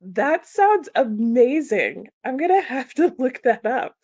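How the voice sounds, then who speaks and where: A woman's voice: high voice, sing-song, takes it slowly, a little mellow, no echo, clean studio sound. A young woman with an American accent, hosting a casual livestream and chatting with viewers, laughing often as she reads their comments. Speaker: livestream host reading chat.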